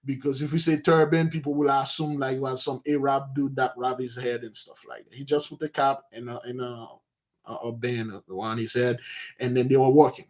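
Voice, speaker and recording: A man's voice: medium pitch, moderate pace. A man leading an informal book study, telling the story with many restarts and asides. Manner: lively storytelling, acting out scenes. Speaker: study group teacher.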